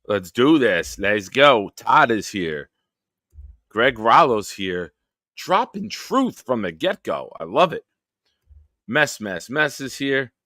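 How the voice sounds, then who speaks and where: A man's voice: lowish voice, sharp tone, no echo, studio quality. A man hosting a football fan livestream from his basement, rambling and swearing casually. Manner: rambling and profane. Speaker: host of a football fan show. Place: home basement.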